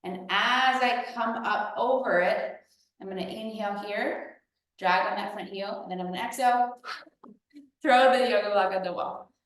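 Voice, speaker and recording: A woman's voice: mid-range voice, moderate pace, a bit bright, heavy reverb, distant mic, poor audio. A woman fitness coach leading a workout, cueing breaths as she demonstrates the moves, a little out of breath. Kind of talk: workout instruction.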